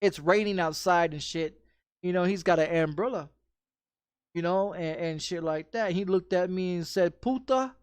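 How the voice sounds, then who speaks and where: A man's voice: sits high, fairly even intonation, normal speed, clear, resonant tone, dry recording. Profane rambling man telling a story. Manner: profane, rambling, repeats words and restarts often. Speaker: streamer. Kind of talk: casual storytelling chat.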